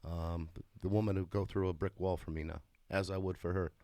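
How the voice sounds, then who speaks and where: A man in his forties giving a candid, emotional testimony about his marriage and family, swearing freely and swinging into excited bursts. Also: deep voice, fairly quick, dry recording. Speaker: father sharing his story.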